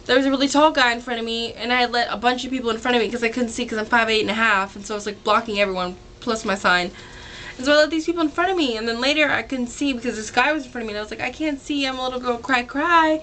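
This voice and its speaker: A woman's voice: fairly high pitch, very fast, fairly bright tone, a little hiss or hum. A teenage girl telling a concert story to the camera in a chatty way, full of "like" and quoted voices. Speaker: vlogger. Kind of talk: casual storytelling.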